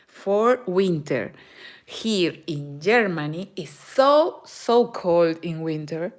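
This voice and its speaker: A woman with a Spanish accent, a native Spanish speaker, hosting a casual crochet live chat in halting English with many fillers. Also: on the low side, expressive. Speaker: crochet channel host. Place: home in Germany.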